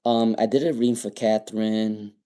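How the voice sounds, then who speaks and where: A man's voice: on the low side, steady tone, moderate pace, mellow. A man doing live tarot readings on a stream, rambling and repeating viewers' names with many ums. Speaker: tarot reader.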